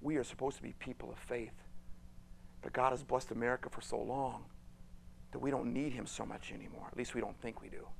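A man preaching a sermon with fervent delivery, swinging from loud bursts to hushed whispers. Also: mid-range voice, fairly even intonation, fast, vocal fry, a little hiss or hum.

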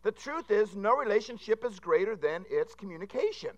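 A man's voice: high voice, expressive, brisk, dull audio. A man preaching a sermon, telling rambling, self-deprecating jokes to a congregation. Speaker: pastor. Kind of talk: humorous sermon.

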